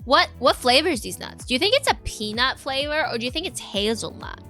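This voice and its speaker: A young adult woman chats casually on a live stream, her voice high and bright. She rambles easily from one thought to the next and answers viewers in a relaxed, chatty way. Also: brisk, faint music behind. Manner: chatty, rambling, reacts to chat with squeals and laughs.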